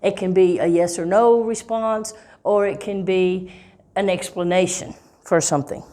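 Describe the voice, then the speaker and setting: A woman teaching English in a clear, deliberate way, stretching key words and checking in with "okay?" and "right?". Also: mid-range voice, steady tone, warm tone. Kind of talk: slow, clear teaching talk.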